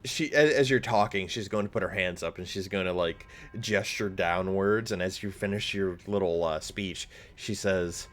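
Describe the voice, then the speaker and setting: A man narrating as game master of a tabletop game, halting, with many pauses and fillers. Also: low voice, faint music behind.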